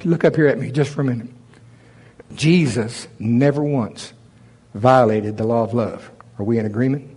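A man's voice: mid-range voice, normal speed, a little mellow, breathy edge. Man preaching a Sunday sermon. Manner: preaching with rising intensity, quoting scripture in old English. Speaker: pastor.

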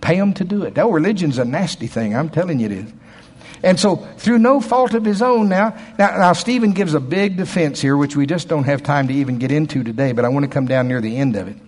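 A man preaching a sermon in a folksy, emphatic way, dropping to quiet asides and rising to loud, shouted passages. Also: on the high side, animated, brisk. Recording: long hall reverb.

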